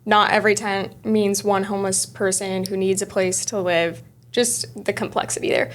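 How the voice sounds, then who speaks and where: A young woman hosting an interview, asking reflective questions in a conversational way. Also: medium pitch. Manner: thoughtful, self-reflective questioning. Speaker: podcast host.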